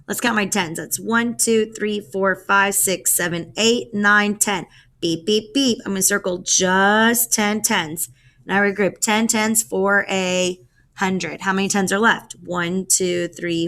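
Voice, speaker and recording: A woman's voice: medium pitch, bright, forceful tone. A woman teacher explaining a math lesson step by step, counting aloud as she works.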